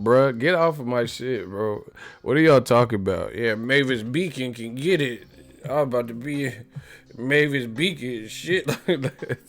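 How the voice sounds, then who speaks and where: A man hosting a live stream, chatting casually with his viewers in a joking, profane way and laughing often. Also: medium pitch. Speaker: live stream host reading chat. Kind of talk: casual chat.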